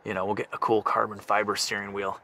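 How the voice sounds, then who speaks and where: A man's voice: on the low side, completely flat delivery, fast, creaky, pushed and bright, slight background noise. A man giving casual, chatty commentary as he walks around and inspects a car, thinking aloud as he goes. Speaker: car flipper vlogger.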